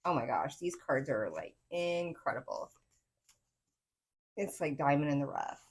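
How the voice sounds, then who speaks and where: Southern woman on the low side, hosting a loose, excitable tarot reading for her viewers. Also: measured pace, husky. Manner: excitable, rambling, talks to viewers as folks. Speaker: tarot reader. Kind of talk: casual pick-a-card tarot reading.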